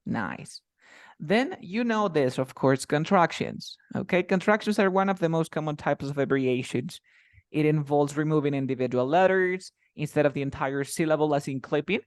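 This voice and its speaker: Spanish-speaking English teacher, dry sound. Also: male voice, on the high side, normal speed, clear, resonant tone, no echo. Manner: explains with many examples and repeats himself. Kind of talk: casual online lesson.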